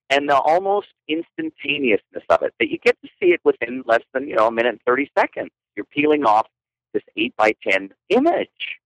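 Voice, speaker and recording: A playful man from Canada tells anecdotes as a podcast guest, his pitch leaping around as he gets into the story. The recording is close and dry, with no room sound. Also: no echo, poor audio. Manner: animated, playful, frequent laughter. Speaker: guest photographer.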